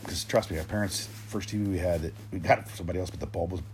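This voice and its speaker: A man in his forties with a very low, deep voice delivers a rambling, profanity-laced rant straight to his listeners. He circles back on himself with restarts and stacks curse after curse in a gruff, exasperated tone. A faint hum sits underneath the voice. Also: steady tone, fast, a little mellow. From Tennessee, raised in Oregon. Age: 40s. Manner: rambling, gruff, swears constantly, many restarts. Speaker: rant host.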